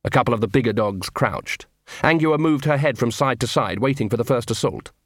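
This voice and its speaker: A man's voice: mid-range voice, brisk, a bit bright, dry recording. Dry, wry male audiobook narrator.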